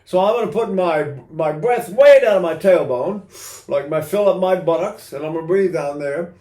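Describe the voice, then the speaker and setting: Older guy voice teacher, kinda high for a man, animated, sings little examples, echoey room. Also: normal speed. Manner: animated, demonstrates with sung vowels and laughs. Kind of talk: singing lesson with sung examples. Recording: roomy echo.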